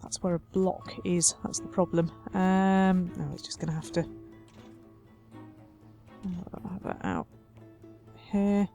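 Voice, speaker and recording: A woman's voice: fairly low pitch, fairly even intonation, moderate pace, hardly any pauses, dark tone, soft background music. Wry woman narrating her city game. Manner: chatty, wry, talks to her sims. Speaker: let's play host. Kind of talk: casual game commentary.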